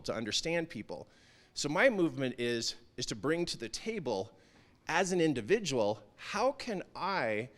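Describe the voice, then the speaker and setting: A man's voice: on the high side, a bit bright. A man speaking earnestly at a town hall event, emphatic and building to intense peaks. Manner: earnest, emphatic, rising to intense peaks when quoting himself. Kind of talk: motivational talk. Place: event stage.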